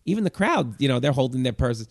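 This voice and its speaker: A male comedian telling a story on a podcast, animated and acting out the people in it. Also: mid-range voice, fast, no room sound.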